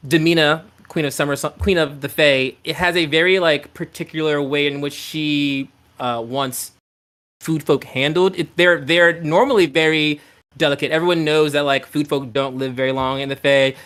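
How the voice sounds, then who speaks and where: A man's voice: on the high side, a bit bright. A man narrating as game master of a tabletop game, in a rambling, conversational way full of fillers.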